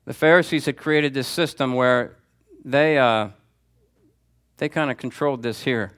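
A man's voice: mid-range voice, unhurried, a bit bright. Man preaching, conversational and emphatic. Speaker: pastor. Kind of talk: sermon.

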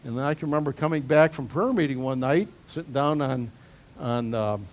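A man's voice: mid-range voice, fairly quick. A male pastor preaching a sermon, conversational with emphatic swells on key phrases.

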